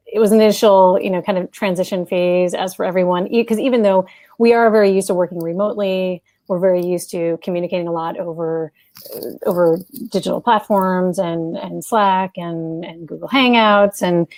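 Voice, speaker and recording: An American woman speaking as a guest in a casual video-call chat, lively and quick to laugh. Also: fairly low pitch, no room sound. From United States. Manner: lively, laughs often, chatty.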